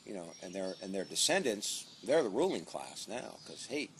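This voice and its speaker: Male author, heated sarcastic rant full of swearing, very animated pitch, faint ambience behind. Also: moderate pace, vocal fry, slight background noise. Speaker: author commenting on his book. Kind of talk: profane comic rant.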